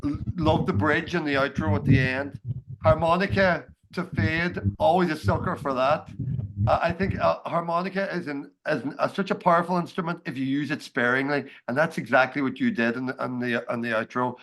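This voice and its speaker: A man's voice: on the high side, a bit bright, rough recording. Donegal Irish man with fillers. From Ireland, Donegal. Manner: enthusiastic, halting with many fillers. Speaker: guest reviewer. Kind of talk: casual spoken song review. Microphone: video call.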